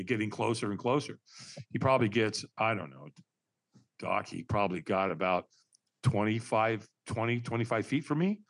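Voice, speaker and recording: Animated husky man telling a story. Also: on the low side. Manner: energetic, acts out quoted voices, frequent restarts. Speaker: podcast guest.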